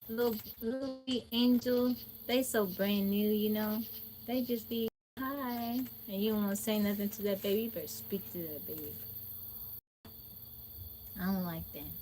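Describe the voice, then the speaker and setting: A woman livestreaming, telling stories in a casual, animated way, laughing often and acting out what people said. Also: medium pitch, a little hiss or hum. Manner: folksy, speaks to viewers directly. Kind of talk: casual storytelling chat.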